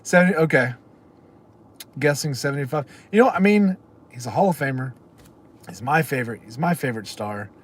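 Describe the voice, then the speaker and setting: A man's voice: mid-range voice, expressive, fairly quick, long pauses. A middle-aged man, hosting a livestream in a rambling casual chat and answering comments from viewers. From Texas. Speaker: livestream host.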